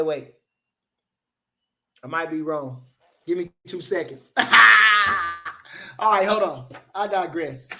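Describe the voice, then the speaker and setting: Man, AAVE, boxing livestream host. High, bright voice; loose and slangy, repeats lines for emphasis. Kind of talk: casual livestream chat reading comments.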